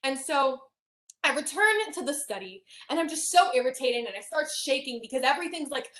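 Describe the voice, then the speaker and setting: A woman speaking a little high in an echoey room recounts a painful personal story. She often falls to a soft near-whisper. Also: lively intonation, a little fast. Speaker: hypnosis client. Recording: roomy echo.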